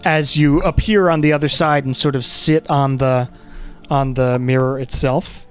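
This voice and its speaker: A game master narrates a tabletop game in an easygoing, chatty way. The voice sits at an ordinary middle pitch. Sentences wander a bit as the scene is described. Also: steady tone, a little slow, clean tone, soft background music. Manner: casual, with fillers and restarts.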